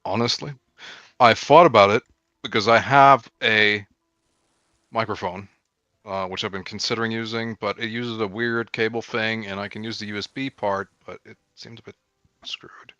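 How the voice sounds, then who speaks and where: A man's voice: lowish voice, steady tone, moderate pace, bright, forceful tone, no echo. A man chatting casually on a stream, offhand and making crude jokes. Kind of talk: casual chat. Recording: dull lo-fi mic.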